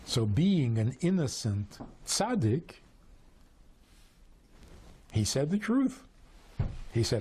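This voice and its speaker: A man teaching Torah through storytelling, animated and full of rhetorical questions. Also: medium pitch, takes it slowly, long pauses, a little hiss or hum. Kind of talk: storytelling lesson.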